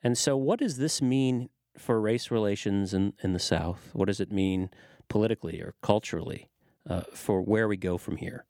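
A man's voice: fairly low pitch, moderate pace, darkish tone, no room sound, clean studio sound. A man hosting a news podcast, asking thoughtful open questions. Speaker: podcast host. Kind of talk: news podcast interview and outro.

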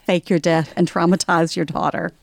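A woman's voice: lowish voice, little pitch movement, normal speed, vocal fry, no room sound. A woman from the American South, an author guest on a radio interview, telling stories in a playful way with frequent laughter. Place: radio studio. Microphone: studio mic.

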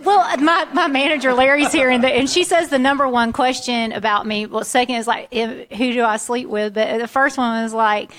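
A woman's voice: high-pitched, moderate pace, hardly any pauses. A woman from central Florida with a Southern accent, chatting frankly and animatedly as an interview guest. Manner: frank, animated, self-mocking. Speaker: singer and guest. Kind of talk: casual interview chat.

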